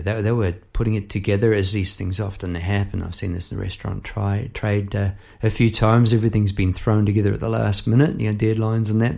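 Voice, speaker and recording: A young man telling a story in a casual, animated way, acting out the people in it. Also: gravelly. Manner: animated, chirps bird noises and acts out people in high voices.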